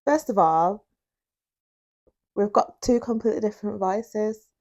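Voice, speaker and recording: A woman with a Manchester accent co-hosts a podcast in easy, casual chat. She laughs often and tells her stories playfully. Her voice sits at a middle pitch for a woman. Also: unhurried, darkish tone, dull audio. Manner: giggly, playful storytelling. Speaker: podcast co-host.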